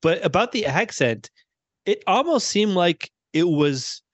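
A man's voice: high-pitched, big pitch swings, unhurried, no room sound. A man co-hosting a podcast, telling a self-deprecating story in casual chat. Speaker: podcast co-host. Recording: dull, dry podcast mic.

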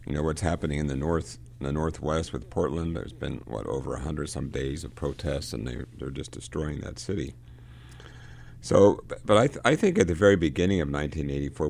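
A man leading a casual book discussion, talking in a halting way and often repeating words as he reads passages and explains them. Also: a bass voice, gravelly, a little mellow.

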